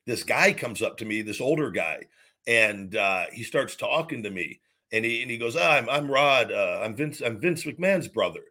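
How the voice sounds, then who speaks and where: A man's voice: medium pitch, lively intonation, moderate pace, sharp tone. A man in his forties, a former wrestler hosting a podcast, telling a long story in a rambling, casual way, with many repeats and restarts and some swearing.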